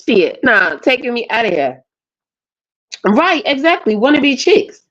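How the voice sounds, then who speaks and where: A woman's voice: a little high, very animated, measured pace, fairly bright tone. A woman, ranting bluntly and profanely as a panelist on a live stream. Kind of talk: casual rant on a live panel. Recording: dull lo-fi stream audio.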